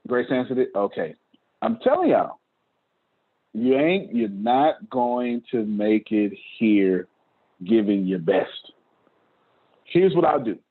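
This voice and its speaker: Husky guy giving a pep talk on a video call, repeats himself a lot, sounds like a phone line. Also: medium pitch. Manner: preachy, repeats phrases, laughs often. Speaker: host. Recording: tinny phone-like call audio.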